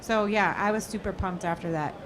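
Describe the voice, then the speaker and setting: A woman's voice: mid-range voice, fairly quick, a little hiss or hum. A woman guest on a trade show panel, speaking in an earnest, enthusiastic way. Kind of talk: casual panel chat. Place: trade show lounge studio.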